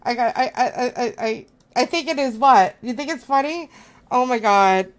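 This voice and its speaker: A woman's voice: on the high side, lively intonation, normal speed. A woman hosting a live stream, gushing and flustered as she thanks her viewers.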